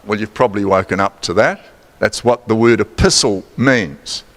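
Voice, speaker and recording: His voice fairly low and his pace moderate, a New Zealand-accented man gives a chatty, playful sermon, quizzing the congregation and adding teasing asides. The church sanctuary lends a long reverb.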